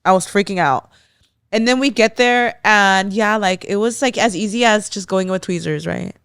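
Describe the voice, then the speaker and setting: Young female podcast co-host, animated storyteller, dry studio mic. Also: mid-range voice, moderate pace, gravelly, smooth, no room sound. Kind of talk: casual chat.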